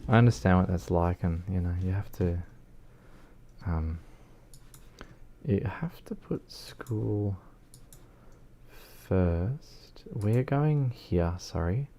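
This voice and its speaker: A man's voice: low-pitched, slow pace, long pauses, dark tone, a little hiss or hum. A man streaming a truck driving game, chatting casually, rambling with lots of ums and reading chat aloud. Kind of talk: casual livestream chat while gaming.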